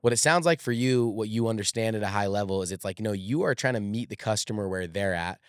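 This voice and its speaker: A man's voice: on the low side, fast, clear, resonant tone, no room sound. Coaching male host, dry sound. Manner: addresses listeners as "guys" and "dude". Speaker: host of a sales training show. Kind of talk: coaching interview.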